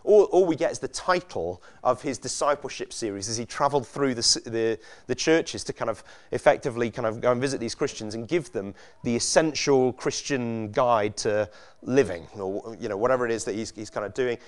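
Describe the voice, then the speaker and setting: A man's voice: mid-range voice, a little fast. A man preaching a sermon in a conversational way, asking his listeners many rhetorical questions.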